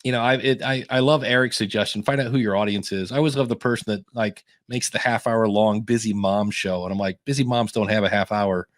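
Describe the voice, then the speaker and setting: A man's voice: fairly low pitch, fairly even intonation, brisk, few pauses, no echo, clean studio sound. A man co-hosting a podcast review, giving casual advice through rambling anecdotes full of restarts. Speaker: podcast consultant and co-host.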